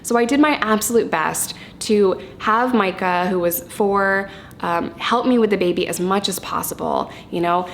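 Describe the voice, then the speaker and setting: A woman in her thirties talking candidly and casually to camera about her parenting, chatty and quick to laugh. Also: mid-range voice, a little hiss or hum. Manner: candid, chatty, laughs easily, occasional swearing. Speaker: parenting vlogger.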